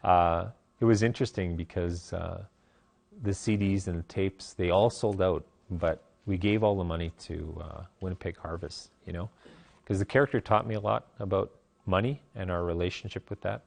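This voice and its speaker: A middle-aged man, a playwright guest in a casual interview, telling animated stories and laughing often. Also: deep voice, normal speed, gravelly.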